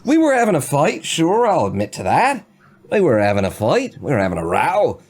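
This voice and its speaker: Give me a player doing a loud, defensive young drunk stuck in a cell, voice leaping wildly up and down. He talks in a put-on accent and shouts his innocence. The pitch swings hard across every line. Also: big pitch swings, normal speed, natural voice. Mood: protesting. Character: drunk young male jailed villager.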